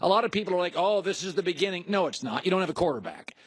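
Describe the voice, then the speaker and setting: A man co-hosting a sports talk show, arguing in an animated, conversational way. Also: high voice, very fast, breathy edge, dry recording. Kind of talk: heated sports debate.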